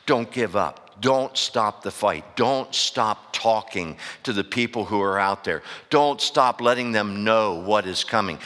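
A man preaching a sermon to his church. He swings from loud, impassioned outbursts to hushed asides and keeps asking the congregation rhetorical questions. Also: fairly low pitch, a little slow, few pauses. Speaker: pastor. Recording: long reverb of a large hall.

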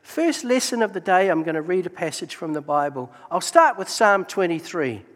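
A man telling faith stories in a church testimony talk, animated and exclaiming praise. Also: high-pitched, normal speed. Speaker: Gideons member giving testimony. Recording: long hall reverb.

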